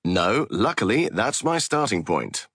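A man's voice: fairly low pitch, sing-song, unhurried, fairly bright tone, husky, no room sound, studio quality, full character voice. A man reading an audiobook, voicing a casual, joking male true crime podcast host.

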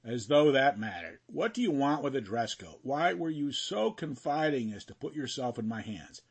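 A man's voice: mid-range voice, very animated, moderate pace, slightly rough. A man reading an audiobook, voicing a playful young man who teases and badgers his friend. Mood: teasing. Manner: teasing, bantering.

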